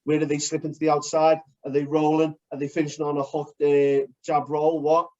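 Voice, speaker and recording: A man co-hosting a casual chat, blunt and animated, swearing as he breaks down fight technique. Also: fairly high pitch, brisk. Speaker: podcast co-host. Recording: dull lo-fi recording.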